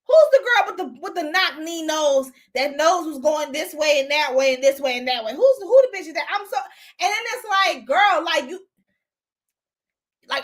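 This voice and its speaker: A woman's voice: high-pitched, moderate pace. A woman hosting a casual live stream, gossiping bluntly and profanely while she greets and answers viewers. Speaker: host.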